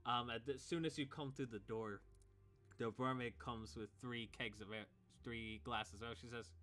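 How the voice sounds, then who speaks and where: Male game master for a tabletop game, crisp bright tone, steady middle pitch. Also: moderate pace. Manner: voices tavern figures in a raised pitch.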